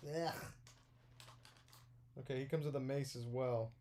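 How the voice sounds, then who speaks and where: A young man giving casual, rambling unboxing commentary, excitable and full of filler words. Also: mid-range voice, a little slow, background noise. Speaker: toy unboxing vlogger.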